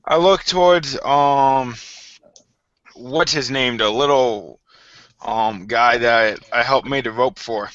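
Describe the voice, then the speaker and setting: Bright-voiced man in a tabletop game. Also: mid-range voice, slow pace, no room sound, dull audio. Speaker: player. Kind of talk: casual tabletop game chat.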